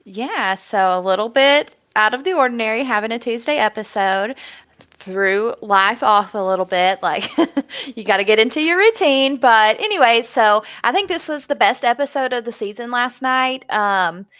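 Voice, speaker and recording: A woman's voice: fairly high pitch, animated, normal speed, a bit bright, dry recording. A woman co-hosting a casual chat show, chatty, who laughs often and acts out what others said. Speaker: co-host. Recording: dull lo-fi sound.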